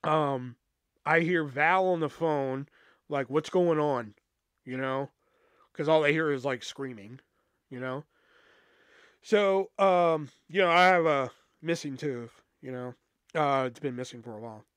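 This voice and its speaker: A man's voice: fairly high pitch, measured pace, fairly bright tone, clear, resonant tone, dry recording, studio quality. A man hosting a podcast, telling a story in a casual, profane way, full of fillers and asides. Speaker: podcast host.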